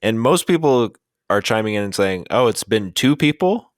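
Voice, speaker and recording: A man hosting a comedy podcast, trading playful banter with his co-host. His voice is fairly low but swings widely in pitch, which keeps it animated. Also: normal speed, no echo, clean studio sound. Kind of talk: casual comedic chat.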